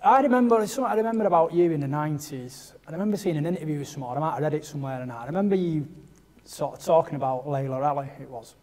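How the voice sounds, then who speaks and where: A man hosting a studio interview. He talks quickly in a fairly high voice, and his questions ramble as he searches for the words. The recording has a long reverb tail. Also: warm tone. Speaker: boxing show host.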